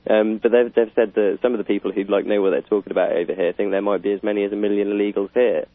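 Low british guy rambling about politics, lots of ums, dry tinny phone sound. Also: fairly even intonation, racing, no room sound. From Britain. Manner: rambling, chuckling, many fillers. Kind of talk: casual political chat.

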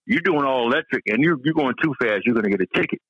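Excitable rambling man. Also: mid-range voice, fast, breathy edge, dry recording, lo-fi sound. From American South. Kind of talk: casual chat.

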